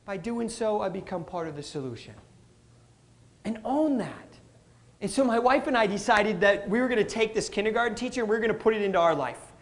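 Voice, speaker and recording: A man giving a live motivational talk, animated, calling the audience folks and acting out what people say. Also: high voice, fairly quick. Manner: animated, addresses crowd as folks, acts out quotes. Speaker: motivational speaker.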